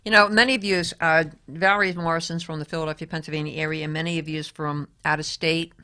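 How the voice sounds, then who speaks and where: A woman's voice: deep voice, flat delivery, quick pace, sharp tone, clean tone. A woman hosting a talk show, asking a guest direct questions. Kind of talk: interview questions.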